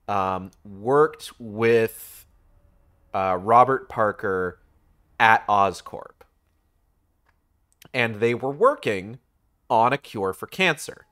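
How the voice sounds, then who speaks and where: Rambling, profane young streamer. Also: male voice, fairly low pitch. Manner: rambling, profane, animated retelling. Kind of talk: casual game stream commentary.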